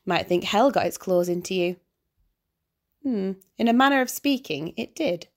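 A woman's voice: medium pitch, expressive, moderate pace, close to an everyday voice. A woman voicing a laid-back male demon who talks in a dry, teasing, mocking way. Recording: background hiss.

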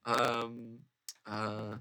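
A man's voice: medium pitch, completely flat delivery, extremely slow, bright, forceful tone, smooth. A man guessing quiz answers in casual chat, thinking aloud and laughing a lot. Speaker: quiz guest.

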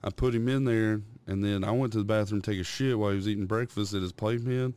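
Young male podcast co-host with a smooth, low voice, profane and rambling storyteller. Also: fairly even intonation, fast talker, a little mellow. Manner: rambling, swears a lot, acts out his toddler's noises.

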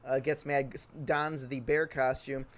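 A man's voice: mid-range voice, level tone, a little slow. A man chatting casually, rambling through a comic story with lots of fillers and laughter. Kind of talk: casual comedic chat.

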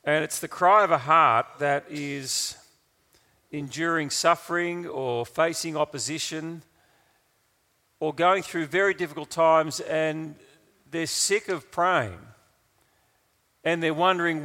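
A man's voice: on the high side, measured pace, pushed and bright, long reverb tail. A man preaching a sermon, praying and building to impassioned cries.

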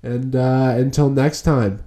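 A man's voice: mid-range voice, fairly even intonation, slow, mellow. A young man hosting his own podcast, telling stories in a laid-back, rambling way with lots of fillers. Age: young adult. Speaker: podcast host. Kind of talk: casual solo podcast storytelling.

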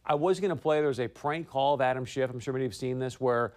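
A male talk show host delivers opinionated political commentary into a studio mic. His voice sits at an ordinary middle pitch. He is emphatic and climbs higher whenever he presses a point. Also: fast talker. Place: broadcast studio.

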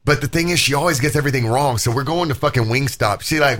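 Male podcast host, bright tone, profane and rambling storyteller. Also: medium pitch, quick pace, few pauses. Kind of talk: uncensored casual podcast chat.

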